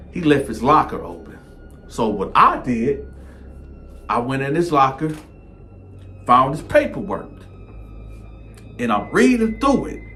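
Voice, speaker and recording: A man telling a personal story in a casual, animated, conversational way. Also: mid-range voice.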